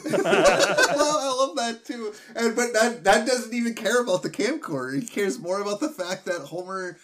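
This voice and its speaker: A man with a somewhat high voice co-hosts a relaxed podcast chat. He rambles through episode recaps and keeps breaking into laughter as he goes. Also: normal speed, a little hiss or hum. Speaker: podcast co-host. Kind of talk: casual chat.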